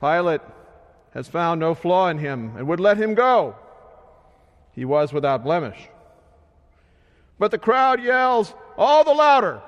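Slow-preaching man in a reverberant hall. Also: on the high side, animated, highs cut off. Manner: slow, measured preaching that swells loud and sinks soft. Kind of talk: sermon.

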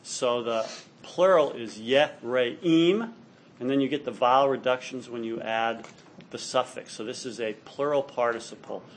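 Unhurried and mid-range, this male teacher walks his class through Hebrew grammar with patient explanation. Every so often he checks in with an "all right?" for the students. A little background noise runs under the lecture.

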